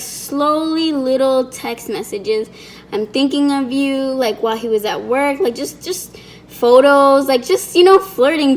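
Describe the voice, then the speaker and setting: A woman's voice: high voice, a little hiss or hum. Chatty young woman telling a story. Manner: chatty, acts out quoted lines. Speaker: vlogger. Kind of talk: storytime vlog.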